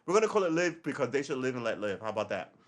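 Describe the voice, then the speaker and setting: A man's voice: mid-range voice, big pitch swings, rapid-fire. A man from Brooklyn, hosting a casual political livestream. He talks in a loose, rambling, profane way. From Brooklyn, New York. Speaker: livestream host.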